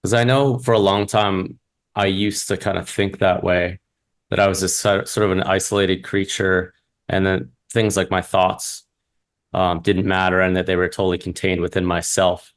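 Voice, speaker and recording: A man's voice: low voice, level tone, moderate pace. A man interviewing a guest, asking thoughtful, searching questions in a conversational way.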